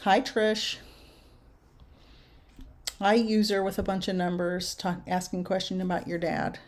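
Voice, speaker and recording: An older woman working as a medium, giving readings and answering viewer questions on a livestream in a slow, musing way with soft laughs. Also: mid-range voice, level tone.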